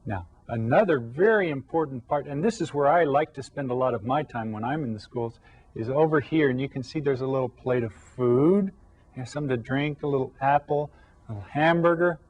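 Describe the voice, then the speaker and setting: A man with a slightly husky, mid-pitched voice teaches young children a recorded Spanish lesson. He explains patiently and slows down to draw out each new word for them to repeat. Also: a little mellow, highs cut off. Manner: slow, drawn-out modeling of Spanish words. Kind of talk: televised classroom lesson for children.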